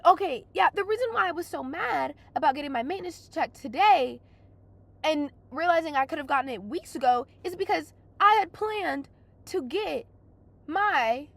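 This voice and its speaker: Young woman, vlogger, casual rant, swears a lot, hoarse, high voice, fry. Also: fairly bright tone, no room sound. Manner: venting, exasperated, swears a lot. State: hoarse from crying.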